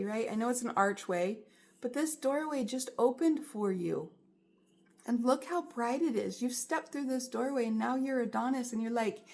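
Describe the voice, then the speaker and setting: A woman's voice: fairly high pitch, darkish tone. A woman giving a spiritual tarot reading, speaking in an earnest, encouraging and emphatic way. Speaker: tarot reader.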